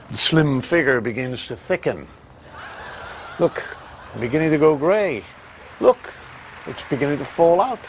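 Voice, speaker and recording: A man's voice: medium pitch, a little hiss or hum. Wry self-mocking man. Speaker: comedian. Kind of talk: reflective talk to camera.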